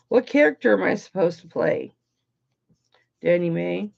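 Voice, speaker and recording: A woman's voice: fairly low pitch, animated, unhurried, gravelly, muffled recording. A woman hosting an online jewelry auction, chatting casually and cracking bawdy jokes while she works. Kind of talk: casual livestream selling chat.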